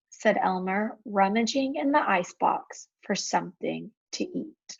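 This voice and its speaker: A woman reading a children's chapter book aloud in a steady storytelling manner. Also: medium pitch, measured pace, vocal fry, few pauses, husky, highs cut off. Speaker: storybook reader.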